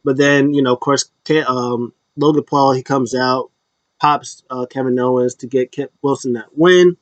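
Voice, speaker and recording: A man talking through a casual solo recap, rambling along with loose restarts and fillers. His voice sits at an ordinary middle pitch. The sound is dull and lo-fi, dry and close. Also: steady tone, moderate pace, no room sound. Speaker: wrestling show host.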